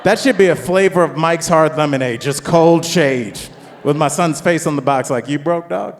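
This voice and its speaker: A man in his forties doing a stand-up set, telling a rambling family story with restarts and climbing into loud, high rants. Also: normal speed. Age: 40s. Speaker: stand-up comedian. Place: comedy club stage. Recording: long hall reverb.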